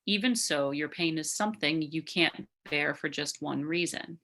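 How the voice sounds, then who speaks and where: A woman student reading a passage aloud in class, careful and deliberate. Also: low voice, a bit bright.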